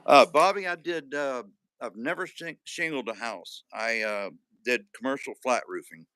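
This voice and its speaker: A man's voice: mid-range voice, moderate pace, sharp tone, no echo. A man hosting a live stream in casual chat, joking and reading out viewer comments. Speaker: livestream host.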